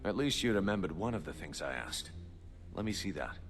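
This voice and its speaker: A stern thieves' guild boss. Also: male voice, sits low, sing-song, fairly quick, gravelly, faint music behind, full character voice. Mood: scolding. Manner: stern, scolding. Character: smooth male thieves' guild boss, scolding. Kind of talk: game dialogue.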